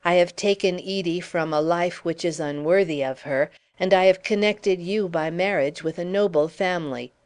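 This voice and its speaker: A woman's voice: on the low side, moderate pace, few pauses, a little mellow, natural voice. A woman reading as a theatrical young Frenchman, grand and mocking in manner, in an audiobook.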